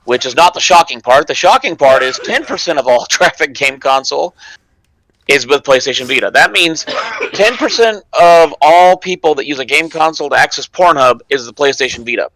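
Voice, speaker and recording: Bright, animated wisecracking man. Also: on the high side, fairly quick, no echo, rough recording. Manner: animated, wisecracking, laughs mid-sentence. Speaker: panelist. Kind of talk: casual online show chat.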